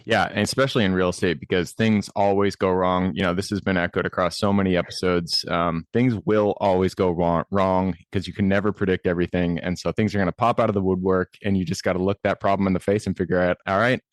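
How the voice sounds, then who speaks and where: A man's voice: deep voice, steady tone, fast talker, hardly any pauses, dry recording. A man hosting a podcast, talking through a point in a casual, affirming way. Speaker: podcast host. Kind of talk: casual chat.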